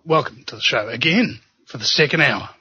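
A man with a New Zealand accent hosting a talk show, preaching and joking in an animated, casual way. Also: medium pitch, a little fast, slight background noise. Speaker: podcast host. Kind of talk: casual chat and monologue. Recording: dull lo-fi sound.

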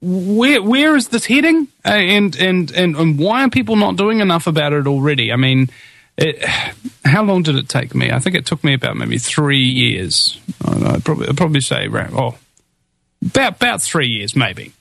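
A man's voice: fairly high pitch, animated, moderate pace, gravelly, a bit bright, dry recording. A man hosting a talk radio show, full of fillers and restarts, turning to emphatic, preaching delivery. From New Zealand. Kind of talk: impassioned political talk.

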